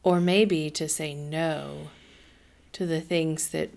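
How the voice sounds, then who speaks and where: A woman who hosts a faith-based parenting podcast and serves as an associate pastor. She reads a scripted welcome, then asks measured questions. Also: low-pitched, fairly even intonation, gravelly, a little mellow.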